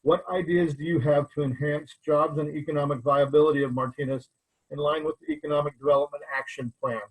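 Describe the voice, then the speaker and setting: A man moderating a candidate forum on a video call, reading questions and introducing speakers with a flat, even delivery. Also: fairly high pitch, brisk, breathy edge, low-quality recording.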